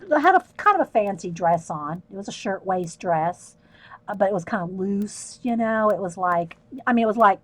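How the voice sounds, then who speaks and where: A woman's voice: mid-range voice, dry recording. A middle-aged woman telling rambling stories while painting on a livestream, often breaking into laughter. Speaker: art livestreamer. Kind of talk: chatty storytelling while painting.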